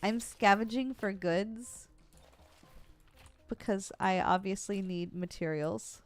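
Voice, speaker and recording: A woman's voice: mid-range voice, slow, faint music behind. A woman streamer giving playful, chatty commentary while playing a video game. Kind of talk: casual gameplay commentary.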